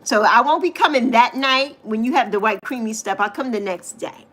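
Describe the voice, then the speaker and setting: Middle-aged American woman, live-stream host, chatty and loose, bright higher voice, frequent laughter. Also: lively intonation, moderate pace. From United States. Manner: chatty, laughs often, swears casually. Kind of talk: casual live chat with viewers.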